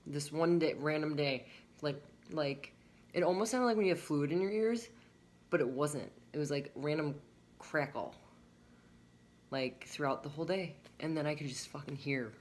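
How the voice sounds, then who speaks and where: Low-voiced woman, candid casual vlog. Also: normal speed, a little hiss or hum. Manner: candid, swearing freely, lists items and reacts to each. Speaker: vlogger. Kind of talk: casual chat to camera.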